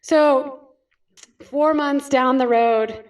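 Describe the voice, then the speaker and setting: A woman's voice: sits high, fairly even intonation, extremely slow, recorded from a distance. A woman chiropractor giving a storytelling talk to an audience, often asking questions and answering them herself and checking in with "right?". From California.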